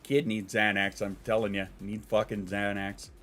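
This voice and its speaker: A man's voice: fairly low pitch, flat delivery, moderate pace, bright, forceful tone. A man hosting a casual livestream, rambling and joking with plenty of profanity. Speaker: livestream host.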